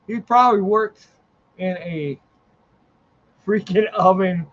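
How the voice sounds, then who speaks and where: A man hosting a casual live chat, excitable and quick to laugh, stumbling and repeating his words. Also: high-pitched, lo-fi sound. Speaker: podcast host.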